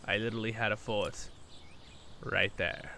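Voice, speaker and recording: Bright-voiced sleepy gaming host. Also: male voice, medium pitch, normal speed, a little hiss or hum. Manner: relaxed and rambling, chuckles often. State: sleepy, just woke up. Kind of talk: casual gameplay commentary. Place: at his home computer. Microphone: new desktop microphone.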